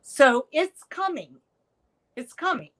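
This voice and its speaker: Guest, middle-aged woman, unhurried delivery, animated storyteller. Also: sits high, poor audio. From United States. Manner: animated storyteller, acts out quoted lines. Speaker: podcast guest, artist. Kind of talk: storytelling interview chat.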